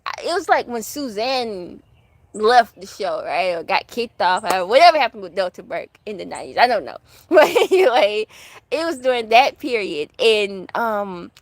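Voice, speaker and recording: A woman's voice: mid-range voice, big pitch swings, normal speed, no room sound. A woman hosting her own channel, chatting casually and rambling through asides as she answers viewer questions. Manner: fan of classic TV soaps. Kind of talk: casual chat.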